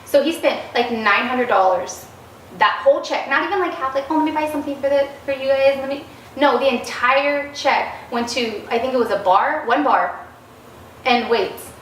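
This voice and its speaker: A woman's voice: high voice, normal speed, fairly bright tone. A woman guest in a casual interview, telling stories animatedly and acting out the quoted dialogue. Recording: roomy, distant mic, faint noise.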